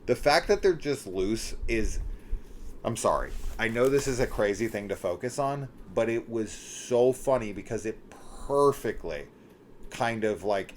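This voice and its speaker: A middle-aged man talking through a horror film in a casual spoiler discussion, animated and incredulous, swearing and acting out scenes. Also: fairly low pitch, slight background noise. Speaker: horror movie reviewer.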